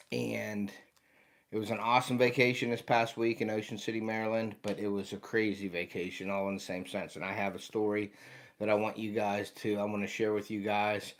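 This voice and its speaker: A man's voice: lowish voice, little pitch movement, moderate pace. An American man in his fifties, hosting a casual livestream for his outdoor channel. He sounds tired and yawns now and then, and he chats loosely while greeting viewers by name. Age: 50s. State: tired, yawning.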